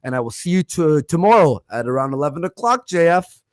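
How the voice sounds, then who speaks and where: A man hosting a livestream, quickly reading out viewer donations and their messages in a casual way. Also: fairly high pitch, big pitch swings, no echo, clean studio sound. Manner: rattles off donor names and messages. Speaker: livestream host.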